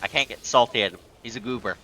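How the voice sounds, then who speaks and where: A man's voice: medium pitch, quick pace, pushed and bright, a little hiss or hum. A man streaming a game live, playfully taunting enemies and chatting to viewers. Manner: playful, talks to enemies and chat.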